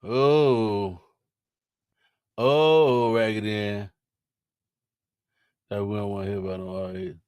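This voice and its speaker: A man's voice: on the low side, lively intonation, takes it slowly, long pauses, darkish tone, clean tone, no echo, clean studio sound. A young man chatting casually on a live stream, laughing and teasing in slangy talk.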